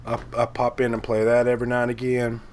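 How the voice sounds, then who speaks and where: A man's voice: medium pitch, completely flat delivery, fast talker, a little mellow. Guy w a cold on a podcast, acting out both sides of a phone call, scratchy sore throat. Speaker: podcast co-host. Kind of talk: casual chat.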